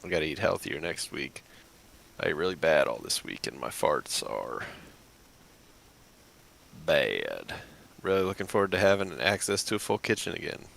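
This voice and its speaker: A man's voice: a bass voice, very animated, normal speed, gravelly, fairly bright tone. A man chatting bluntly and casually while playing a co-op game with a friend. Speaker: co-host. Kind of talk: casual gaming chat.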